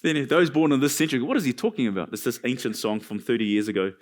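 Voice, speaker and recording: A male pastor preaching a sermon in a church, animated and joking between points. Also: mid-range voice, very fast. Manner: animated preaching with jokes and asides.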